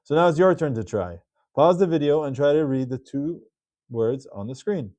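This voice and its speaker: A man teaching Hebrew reading rules in a patient video lesson, repeating key words slowly. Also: fairly high pitch, lively intonation, warm tone, no echo, lo-fi sound.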